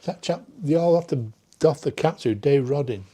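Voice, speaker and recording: A man, co-hosting a casual chat show. He reads out viewer shout-outs and chats along. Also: fairly high pitch, normal speed, slightly rough. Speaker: co-host.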